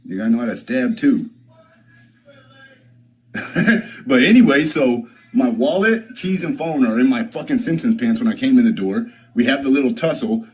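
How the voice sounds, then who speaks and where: A man's voice: medium pitch, darkish tone, low-quality recording. A young man streaming, telling a story in a rambling, profane way, full of restarts and fillers. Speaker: live streamer.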